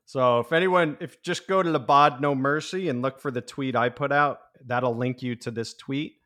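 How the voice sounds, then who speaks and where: A man's voice: mid-range voice, fairly even intonation, normal speed, sharp tone. A man co-hosting a casual podcast in an easygoing manner, laughing along with the others. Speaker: podcast co-host.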